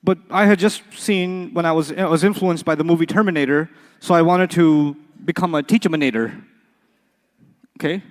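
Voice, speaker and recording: A man's voice: on the high side, normal speed, in a large hall. A man teaching an Arabic class, quizzing the students with call-and-response questions and playful examples. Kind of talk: classroom lecture.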